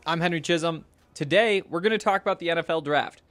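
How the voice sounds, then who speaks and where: A man's voice: fairly high pitch, quick pace, a bit bright, soft background music. Rambling, chatty male podcast host. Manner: rambling and chatty, with many fillers and restarts. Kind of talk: casual solo podcast talk.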